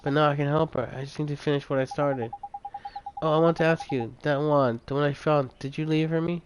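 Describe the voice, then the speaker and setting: A man's voice: a little high, steady tone, brisk, a little hiss or hum, lightly acted, low-quality recording. A man reading as an earnest young boy. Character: young boy grieving his mother, earnest.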